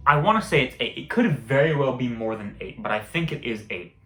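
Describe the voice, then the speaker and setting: A man's voice: medium pitch, animated, a little fast, a bit bright. Rambling young man telling stories in an echoey room. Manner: rambling, profane, laughs at own stories. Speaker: vlogger. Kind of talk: casual storytelling. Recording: echoey room with faint music.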